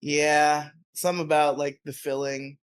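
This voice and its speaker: A man co-hosting a casual podcast, talking in halting, profane bursts and laughing often mid-sentence. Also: a little high, flat delivery, clean tone. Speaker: podcast co-host.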